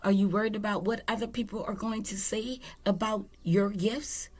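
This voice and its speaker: A woman's voice: mid-range voice, fairly even intonation, normal speed, a little mellow. A woman tarot reader giving a casual spiritual monologue, blunt and candid, with swearing.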